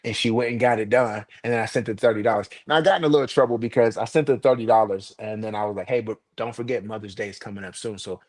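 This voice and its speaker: Middle-aged guy on a podcast, kinda low voice, earnest, preaching values to his kids casually. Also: fairly even intonation, fast, few pauses. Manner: earnest, lecturing about values. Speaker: podcast co-host. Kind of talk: casual chat.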